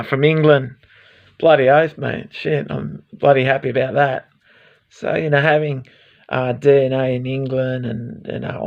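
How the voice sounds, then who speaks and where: Aussie bloke rambling into his own vlog, gravelly voice, swears a lot, kinda muffled lo-fi sound. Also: medium pitch. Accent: Australian. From Australia. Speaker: vlogger. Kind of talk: rambling self-recorded monologue.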